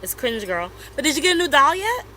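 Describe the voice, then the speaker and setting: A woman in her thirties with a bright, forceful voice chats casually on a podcast. She tells her story with lively, acted-out retellings of what others said, over a faint hiss of background noise. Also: sits high, brisk, rough recording. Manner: animated storytelling, acts out quoted messages. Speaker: podcast co-host. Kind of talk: casual chat.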